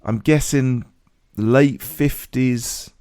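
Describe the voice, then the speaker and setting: A man co-hosting a podcast in a casual chat, his voice croaky from too much singing, wry and rambling with self-deprecating asides. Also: medium pitch, steady tone, extremely slow, darkish tone, no room sound, clean studio sound. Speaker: podcast co-host.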